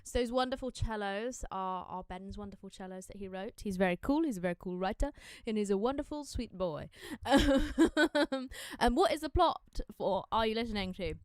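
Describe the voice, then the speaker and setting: A woman's voice: mid-range voice, expressive, normal speed, clear, resonant tone, no room sound, studio quality. A woman musician chatting casually with viewers during a livestream watch party, bubbly and prone to interrupting herself.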